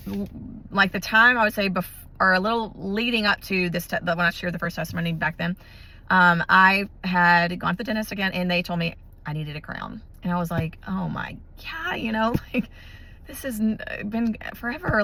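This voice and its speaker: A woman, casually telling a personal faith story to her viewers, chatty and full of restarts. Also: on the low side. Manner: chatty, animated, many restarts and fillers. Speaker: vlogger sharing a testimony.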